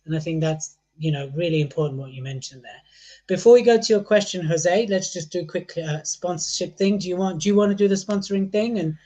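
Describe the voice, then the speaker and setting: A man hosting a podcast, joking and bantering between the serious points. His voice sits quite high for a man. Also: fairly even intonation, brisk, dark tone. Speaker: podcast host. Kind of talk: podcast conversation.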